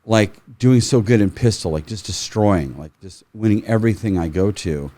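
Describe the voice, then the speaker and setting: A middle-aged man with a fairly low voice spins animated stories as a guest. He swears freely and acts out what people said, heard through a close mic in a dry room with no echo. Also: normal speed. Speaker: firearms trainer, podcast guest. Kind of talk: casual storytelling.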